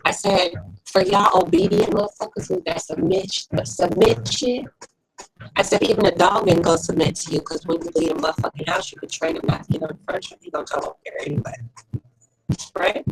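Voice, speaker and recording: A woman hosting a casual late-night chat, talking bluntly and profanely in animated storytelling. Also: mid-range voice, brisk, creaky, slight background noise, low-quality recording. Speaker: host.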